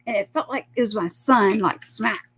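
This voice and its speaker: A woman with a husky, medium-pitched voice, speaking at a moderate pace, is a guest on a talk show. She tells a personal story in casual chat, animatedly acting out the voices of the people in it.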